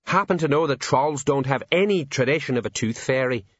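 A man's voice: medium pitch, lively intonation, a little fast, no echo, highs cut off, natural voice. A man doing a sardonic desk sergeant. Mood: wry. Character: wry, weary male desk sergeant.

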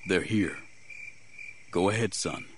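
A man reading an audiobook voices a calm warrior monk giving quiet, gentle commands. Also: fairly low pitch, normal speed, background noise, close to an everyday voice. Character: calm, steady older male warrior monk.

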